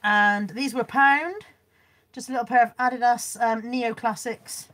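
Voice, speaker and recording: A woman's voice: fairly high pitch, fairly even intonation, normal speed, fairly bright tone. A woman chatting casually on a live stream as she shows off a car boot haul and reads out viewers' comments, laughing often.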